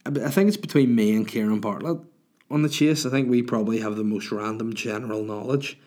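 A man's voice: fairly low pitch, brisk, a little mellow. A man hosting his own podcast, chatting casually and answering listener questions. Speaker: podcast host and comedian. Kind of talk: casual solo podcast chat.

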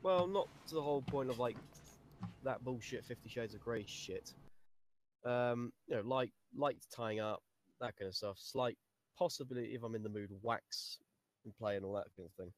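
A man's voice: medium pitch, normal speed, dry recording. A British man chatting as a podcast guest in a blunt, sweary way with dry humor. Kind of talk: casual chat.

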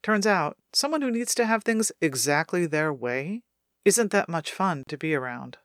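A woman reading her own self-help audiobook aloud, calm and measured as she guides the listener through a writing exercise. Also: lowish voice, no room sound, studio quality.

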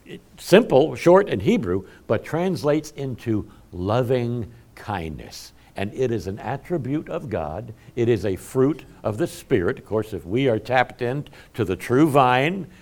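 A man's voice: medium pitch, sing-song, measured pace, a little mellow. A middle-aged man preaching a conversational sermon in a folksy, self-deprecating way, chuckling often. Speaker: pastor.

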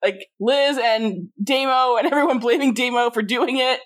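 A woman's voice: on the high side, moderate pace. A woman co-hosting a podcast, making wry, profane asides and laughing during a casual TV recap. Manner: wry, swears freely, laughing. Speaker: podcast co-host.

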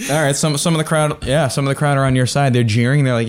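Man, game master, tabletop game narration, rambling, mid pitch. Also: steady tone, normal speed, pauses often. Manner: rambling, many fillers.

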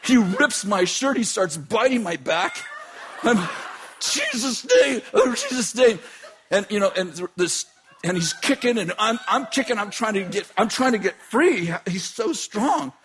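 Animated man telling a dramatic story. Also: sits high, normal speed, a crowd in the background. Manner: dramatic, laughing, shouting at climaxes.

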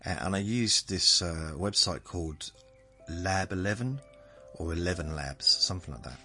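Southern English male podcast host, bright tone, wanders and corrects himself as he talks, soft music behind. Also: low voice, normal speed. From southern England. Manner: meandering, self-correcting. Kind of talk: rambling monologue for sleep.

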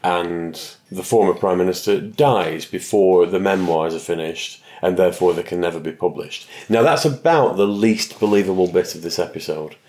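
A man's voice: low voice, darkish tone. A man from England hosting a podcast, chatty and reflective in a casual review conversation. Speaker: podcast host.

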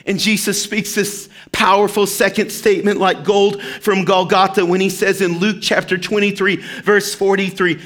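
A man preaching a sermon as pastor, animated and acting out quoted voices. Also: sits high, normal speed.

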